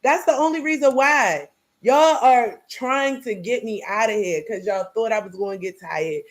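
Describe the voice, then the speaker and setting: A woman's voice: fairly high pitch, moderate pace. Heated, blunt woman ranting to camera. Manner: heated, blunt and profane, repeats herself. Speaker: grieving mother. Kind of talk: direct-to-camera rant.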